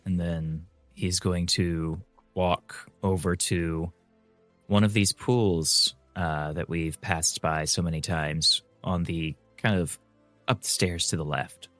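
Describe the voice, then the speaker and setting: Male tabletop player, hesitant, deep voice, dry close recording. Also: fairly even intonation, slow, a bit bright, no echo, soft background music. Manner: hesitant, with frequent fillers. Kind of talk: describing his character's actions.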